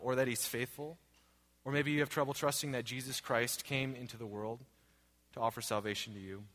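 This thirties-aged pastor's mid-range voice has a slight brightness as he delivers an earnest, repetitive sermon. Rhetorical questions echo through a long hall reverb.

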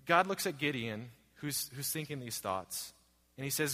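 A man's voice: medium pitch, lively intonation, normal speed, pushed and bright. A man in his thirties preaching a sermon as pastor, earnest and repetitive, asking rhetorical questions. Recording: long hall reverb.

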